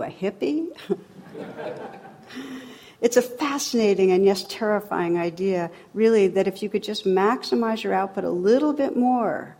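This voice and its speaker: A woman's voice: medium pitch, creaky, dark tone. A middle-aged woman giving a dharma talk as a meditation teacher, wry and humorous, then reflective.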